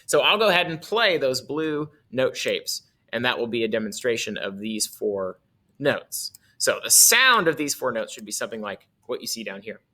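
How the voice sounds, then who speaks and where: Male music teacher, casual and self-correcting, forceful bright tone with a lively, swinging pitch. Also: moderate pace, a little hiss or hum. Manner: casual, self-correcting, demonstrates on his instrument. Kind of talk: instrument lesson explaining articulation.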